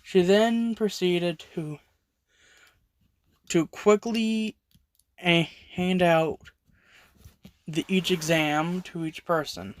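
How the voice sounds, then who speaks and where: A storyteller narrating an original fan story over speedpaints, halting with frequent restarts and self-corrections. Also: mid-range voice, fairly even intonation, dry recording.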